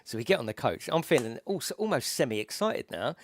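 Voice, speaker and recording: A man's voice: mid-range voice, animated, quick pace, no room sound. Male host, casual rambling anecdote, lots of swearing, dry close sound. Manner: swears freely, tells a story about frantic travel trouble. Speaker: gaming channel host. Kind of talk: casual storytelling to camera.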